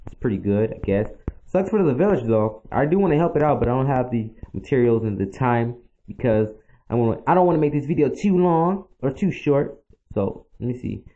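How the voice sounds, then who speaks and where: A man's voice: mid-range voice, lively intonation, fairly quick. A man giving casual, rambling commentary as he plays a game, talking straight to his viewers. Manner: chatty, rambling, talks to viewers. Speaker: gaming channel host. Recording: dull lo-fi mic with faint noise.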